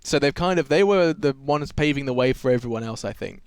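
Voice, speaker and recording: A man's voice: medium pitch, lively intonation, a little fast, a little mellow, clean tone, no room sound. A man giving enthusiastic color commentary as co-caster on a live video game match. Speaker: esports co-caster.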